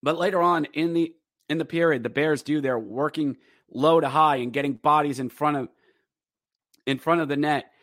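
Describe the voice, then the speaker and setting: A man hosting a podcast, rambling casually with fillers through a game recap and slipping into excited play-by-play. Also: a little high, normal speed, no echo, clean studio sound. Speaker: podcast host.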